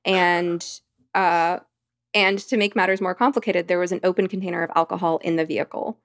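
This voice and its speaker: A woman's voice: on the low side, fairly even intonation, brisk, no room sound, clean studio sound. A woman, a podcast guest, telling a long personal anecdote in a rambling, vivid conversational way. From United States. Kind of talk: storytelling in conversation.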